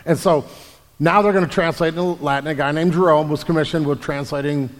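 A man's voice: on the high side, steady tone, brisk. A male pastor explaining things patiently, stumbling and restarting his phrases as he works through an answer. His voice carries a long reverb, as if he were in a big hall. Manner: explanatory, repeats words when restarting. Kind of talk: Q&A about the Bible.

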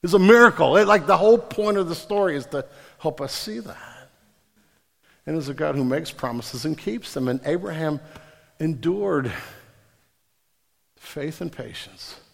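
Male pastor, casual storyteller, voice a bit high, long hall reverb. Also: lively intonation, a little slow, gravelly, pauses often. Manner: casual, jokey storytelling with slang. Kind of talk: sermon.

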